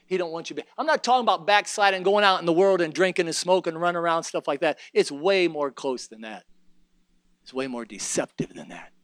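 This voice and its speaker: A man's voice: on the high side, lively intonation, a little fast, dry recording, clean studio sound. A man preaching a sermon in a folksy way, mixing joking asides with fervent, emphatic exhortation.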